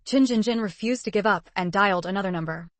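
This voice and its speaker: A woman reading a dramatic novel recap as scripted narration, in a steady, even delivery. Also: medium pitch, fast talker, no echo.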